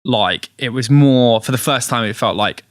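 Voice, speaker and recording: Lively man telling a story. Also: medium pitch, moderate pace, no echo, studio quality. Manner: storytelling, animated retellings, laughs often. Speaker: gig promoter, guest. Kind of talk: casual interview chat. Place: podcast studio.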